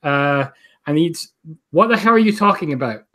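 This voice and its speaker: A man voicing a shaken young man character, talking in a halting, stammering way. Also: fairly high pitch, expressive, fairly bright tone. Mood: flustered. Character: shaken young man whose mother was attacked.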